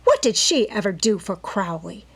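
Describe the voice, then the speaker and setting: A woman's voice: mid-range voice, very animated, moderate pace, creaky, husky, heavily acted. A woman voicing a tart, spoiled young woman who speaks coldly and sharply in a storybook reading. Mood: resentful. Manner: cold and sharp.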